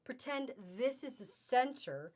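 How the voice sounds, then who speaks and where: A woman's voice: high voice, sing-song, a little slow, darkish tone. Chatty woman hosting a live fabric sale. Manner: chatty and gushing, laughs often.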